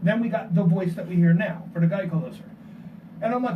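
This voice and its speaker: High-voiced man telling a story, far from the mic. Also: a little fast, highs cut off, crowd noise. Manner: animated storytelling, rhetorical questions. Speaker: podcast host. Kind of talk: casual group discussion. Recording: noisy, distant room mic.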